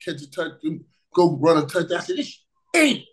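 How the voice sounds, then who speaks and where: A man from Miami telling stories in casual conversation as a guest, lively and quick to repeat words. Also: on the high side, slight background noise, rough recording. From Miami, USA. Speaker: guest, former pro football receiver. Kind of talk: animated storytelling in casual conversation.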